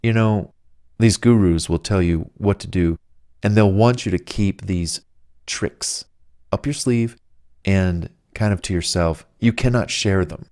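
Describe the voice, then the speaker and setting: A man's voice: low-pitched, measured pace, a little mellow, dry recording, clean studio sound. A man, the author, giving casual, rambling dating advice in a chatty, salesman-like way. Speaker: author reading and riffing on his own book.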